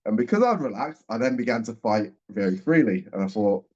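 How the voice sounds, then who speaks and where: A man around forty, a guest speaker telling a personal story in a lively way and acting out what people said. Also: fairly low pitch, brisk. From England. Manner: lively storyteller, acts out the dialogue. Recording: dull, muffled audio.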